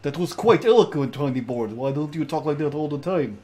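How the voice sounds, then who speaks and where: A man's voice: a little high, expressive, brisk, darkish tone. A man playing a tabletop character who speaks in blunt, broken English. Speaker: player. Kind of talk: in-character role-play.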